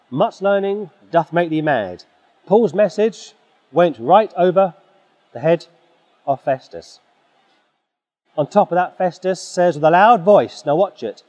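Guy preaching hard, kinda high voice, long echo, muffled sound. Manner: forceful, exhorting, with frequent throat-clearing. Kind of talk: sermon. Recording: dull sound in a reverberant hall.

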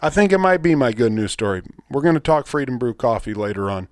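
Excitable rambling man. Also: mid-range voice, fast talker, no echo, studio quality. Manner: rambling, excitable storyteller with mild swearing. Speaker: podcast host. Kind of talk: casual chat.

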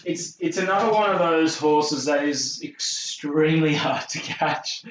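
A man's voice: a little high, unhurried, a little hiss or hum. A young man co-hosting a racing podcast, rambling through his picks and laughing often. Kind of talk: casual tipping chat. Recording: roomy, distant, dull sound.

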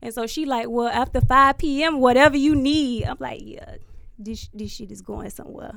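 A woman telling a story in casual, profane chat, animated and laughing, acting out what people said. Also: fairly high pitch, normal speed, creaky, heavy background noise. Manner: animated, profane, laughs often, acts out quotes.

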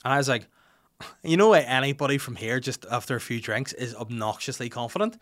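A young man hosting a podcast, telling a rambling, self-mocking story and getting louder when he quotes himself. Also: medium pitch, brisk. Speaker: podcast host. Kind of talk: casual chat and anecdote.

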